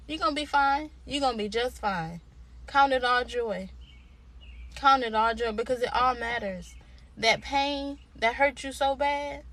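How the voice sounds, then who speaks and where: Young woman, a bit high-pitched, with a colloquial, preacher-style motivational delivery and a lot of repetition. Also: a bit bright. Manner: emphatic, repetitive, preacher-like exhortation; informal, colloquial. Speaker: motivational speaker. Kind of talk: inspirational direct-to-camera talk.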